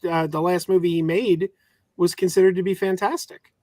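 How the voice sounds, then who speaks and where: A man's voice: sits high, steady tone, moderate pace, a little mellow, no echo. A man on a casual online panel, arguing earnestly with some hesitation. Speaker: panel guest. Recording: crowd noise behind.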